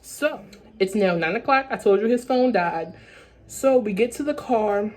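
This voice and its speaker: A young woman telling a story from her own life in a casual vlog, talking in quick bursts that restart and repeat phrases. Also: mid-range voice, lively intonation, poor audio. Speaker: vlogger.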